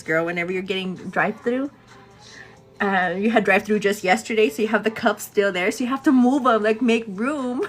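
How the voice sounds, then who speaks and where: A young woman telling a story to her viewers in a casual, chatty way, tired and overwhelmed, laughing often and quoting both sides of an argument. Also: mid-range voice. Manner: chatty, animated retelling with laughs, quotes others. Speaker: vlogger.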